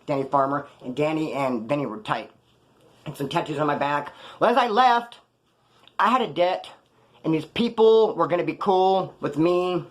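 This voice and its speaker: A man's voice: fairly high pitch, expressive, moderate pace. A man casually telling rambling, profane prison stories off the cuff, full of slang. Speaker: storyteller recounting his prison past.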